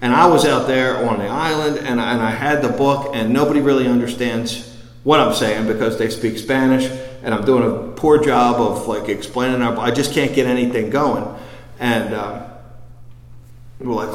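A man sharing a personal recovery story with a group, rambling, full of quick asides. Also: mid-range voice, steady tone. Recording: echoey hall.

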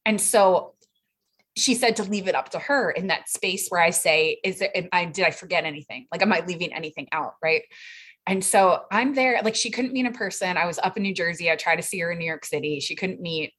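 A woman in her thirties sharing her recovery story in a chatty, animated way, full of fillers and acted-out quotes. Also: lowish voice, a little fast, breathy edge. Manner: chatty and animated, quotes others in raised voices, frequent fillers. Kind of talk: casual personal storytelling.

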